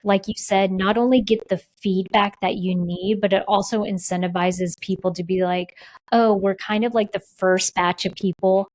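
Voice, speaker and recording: A woman's voice: medium pitch, fairly even intonation, moderate pace, a little mellow, no room sound, rough recording. A woman co-hosting a podcast in a casual, conversational chat with a playful teasing side. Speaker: podcast co-host.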